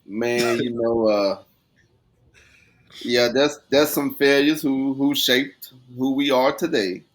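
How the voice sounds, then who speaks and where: A man's voice: medium pitch, fairly even intonation, slow, poor audio. A man co-hosting a podcast in casual chat, reacting in a laid-back way and wrapping up the segment. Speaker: podcast co-host.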